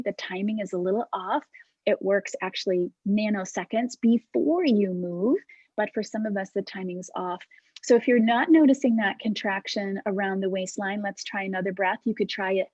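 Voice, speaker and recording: Woman teaching a movement class over video call: breathy, gentle, unhurried cues. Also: mid-range voice, dry recording, dull audio. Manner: calm, soft-spoken cueing with breathy demonstrations.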